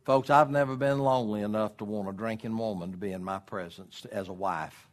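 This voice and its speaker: A middle-aged man preaching a homespun sermon. He moves between quiet asides and loud, drawn-out emphatic lines. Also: on the low side, fairly even intonation. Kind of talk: folksy sermon.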